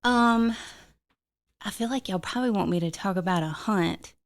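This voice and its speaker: A young adult woman from Mississippi with a Southern American accent, telling stories as a podcast guest in a chatty, lively way. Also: mid-range voice, moderate pace. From Mississippi, USA. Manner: chatty storyteller, lively and laughing. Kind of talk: casual conversation.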